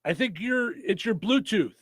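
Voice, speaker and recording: A man with a high voice hosts a radio talk show from a dry studio mic. He talks plainly and pads his plugs with little fillers. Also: expressive, normal speed, fairly bright tone, no echo. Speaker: radio host.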